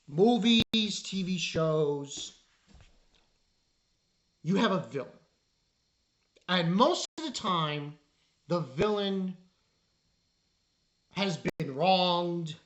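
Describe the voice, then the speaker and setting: A man's voice: high voice, bright, forceful tone. Exasperated, rambling man reviewing anime. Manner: exasperated, rambling, halting with fillers. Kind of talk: casual spoken review.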